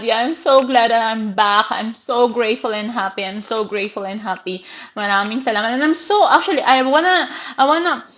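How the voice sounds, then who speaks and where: A woman in her thirties with a Filipino accent speaking earnestly and emotionally in a personal livestream, often halting as she searches for words. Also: a little high, fairly bright tone, dull audio. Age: 30s. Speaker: livestream host.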